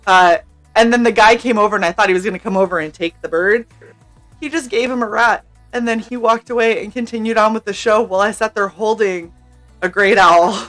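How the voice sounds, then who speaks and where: Animated young woman telling a story. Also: medium pitch. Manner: animated, laughing, swears freely, acts out quotes. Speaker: streamer co-host. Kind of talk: casual storytelling chat.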